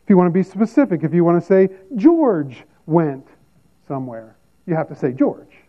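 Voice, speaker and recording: A man's voice: a little high, big pitch swings, normal speed. A man preaching a sermon as a pastor, teaching emphatically and repeating key phrases. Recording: tinny phone-like sound.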